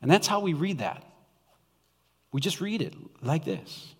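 A man preaching a sermon to his church, swinging from shouts down to whispers. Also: on the high side, very animated, unhurried, slightly rough, long reverb tail. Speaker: pastor.

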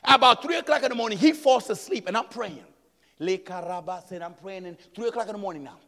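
A man preaching as an evangelist, telling a story dramatically, swinging from hushed tones to shouts. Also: high-pitched, fast. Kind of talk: sermon storytelling. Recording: long hall reverb.

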